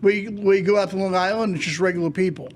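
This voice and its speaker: Comedian guest, male, high voice, blunt and profane, faint noise behind. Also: fast. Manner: blunt and profane, keeps checking with "right?". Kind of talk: casual podcast chat.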